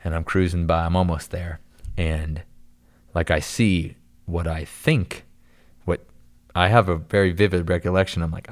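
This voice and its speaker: A young man with a very low voice tells a story on a podcast. He talks casually and rambles, stacking fillers and retelling what people said. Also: moderate pace. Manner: rambling, animated storytelling with lots of "like" and "dude". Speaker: podcast guest.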